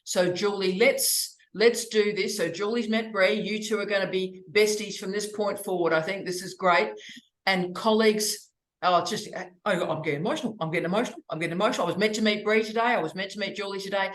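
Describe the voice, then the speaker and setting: A woman's voice: medium pitch, moderate pace. Effusive Australian woman hosting, echoey room. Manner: effusive, affectionate, energetic. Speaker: university graduate studies host. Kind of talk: online information session.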